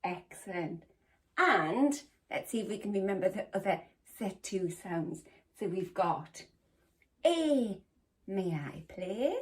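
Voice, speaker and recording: A woman's voice: medium pitch, a bit bright. A woman primary school teacher giving a phonics lesson to young children, encouraging and sounding out letters one by one. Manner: slow, sing-song, encouraging, sounding out letters. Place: home or classroom, recorded for home learning.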